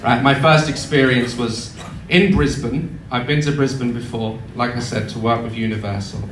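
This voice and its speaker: A man in his thirties telling sweary, animated comic stories to a live audience in a theatre. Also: mid-range voice, normal speed. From United Kingdom. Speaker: YouTuber on stage. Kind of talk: live comedy storytelling. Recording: echoey hall with crowd noise.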